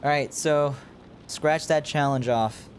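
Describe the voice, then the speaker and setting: A man's voice: on the high side, slow, a little hiss or hum. A man streaming a video game, thinking aloud in casual commentary and chatting with his viewers. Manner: rambling, thinking aloud while playing; chats with viewers.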